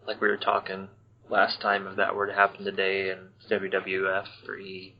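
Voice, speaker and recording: A man co-hosting a casual wrestling podcast, chatty and quick to laugh. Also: low voice, monotone, slight background noise. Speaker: podcast co-host. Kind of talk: casual chat recapping wrestling. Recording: dull lo-fi podcast audio.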